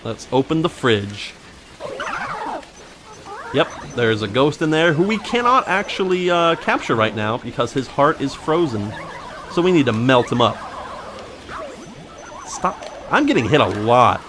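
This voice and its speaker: Let's-play host: man, mid-pitched, very animated delivery, goofy improvised asides over gameplay. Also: measured pace, long pauses, noisy background. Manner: joking, rambling, makes up silly backstories. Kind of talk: casual gameplay commentary.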